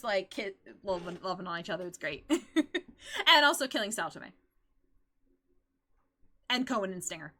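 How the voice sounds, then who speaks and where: A woman streaming live, chatting casually about her favorite characters in an excitable, giggly, rambling way, often breaking into squeals. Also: medium pitch.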